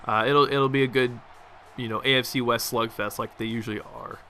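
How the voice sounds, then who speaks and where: Chatty young man, bright rambling voice. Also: medium pitch, steady tone, a little fast, slight background noise. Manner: rambling, chatty, many restarts and fillers. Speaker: gaming commentator. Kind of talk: casual gameplay commentary.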